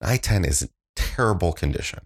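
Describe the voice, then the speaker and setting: A man's voice: sits low, sing-song, fairly quick, slightly rough. A middle-aged man co-hosting a podcast, recounting a road trip in a hesitant, sheepish way full of fillers. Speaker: podcast co-host. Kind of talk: casual storytelling chat.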